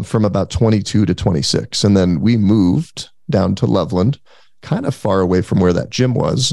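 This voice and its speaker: Very low-voiced, gravelly man telling a story. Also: no echo, clean studio sound. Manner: animated, acts out quoted voices. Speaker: podcast guest, entrepreneur. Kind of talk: casual storytelling.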